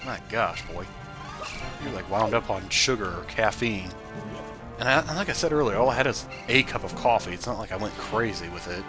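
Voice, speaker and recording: A man giving casual, animated commentary over his gameplay, now and then yelling at the game. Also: lowish voice, brisk, music in the background. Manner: animated, bursts into loud excited yelling at the game. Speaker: let's play commentator.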